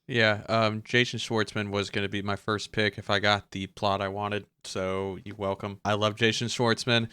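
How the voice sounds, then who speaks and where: Low, bright-toned man teasing on a podcast. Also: level tone, normal speed, few pauses, smooth, dry recording. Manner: wry, teasing. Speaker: podcast co-host. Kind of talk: casual podcast chat.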